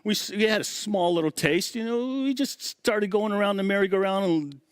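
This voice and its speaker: A middle-aged man, a guest on an interview, telling road stories in a chatty, animated way. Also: sits high, moderate pace, clear, resonant tone, no echo, studio quality. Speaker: guest, touring drum tech. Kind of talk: casual interview storytelling.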